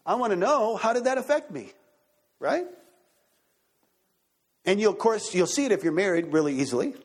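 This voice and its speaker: A preacher man delivering a sermon with lots of energy, his voice sitting fairly high for a man. The tone is husky and a little rough, and he keeps breaking off to check in with the congregation. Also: moderate pace. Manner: excited, animated preaching with congregation asides. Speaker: pastor.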